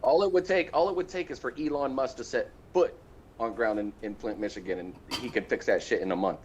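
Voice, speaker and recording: A man co-hosts a casual podcast with friends, giving blunt, slangy opinions. His voice sits at an ordinary middle pitch for a man. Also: a little fast, dull audio. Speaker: podcast co-host. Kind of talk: casual chat.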